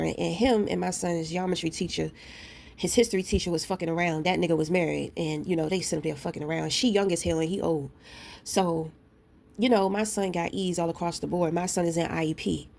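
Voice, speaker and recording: A woman's voice: fairly low pitch, fairly even intonation, brisk, gravelly, a little mellow, a little hiss or hum. Blunt, profane woman ranting to camera. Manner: storytelling with many asides. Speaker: vlogger; parent. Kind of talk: casual rant to camera.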